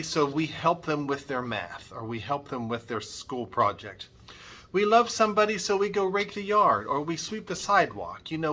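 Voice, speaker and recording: A man's voice: mid-range voice, pushed and bright. A middle-aged man leading a children's church music lesson, upbeat and coaxing, modelling sounds for the kids.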